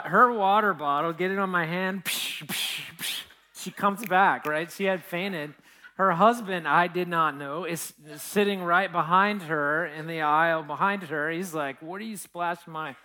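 A man's voice: fairly high pitch, sharp tone. A man preaching a conversational sermon as a pastor, telling a personal story and checking in with his listeners as he goes. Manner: storytelling, with asides to the congregation.

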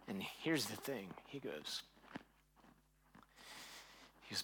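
A pastor in his forties giving a sermon, telling a personal story in a hushed voice and then preaching more loudly. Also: expressive, slow pace, pauses often, breathy edge. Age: 40s. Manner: soft and hushed while telling a personal story, louder and higher when preaching.

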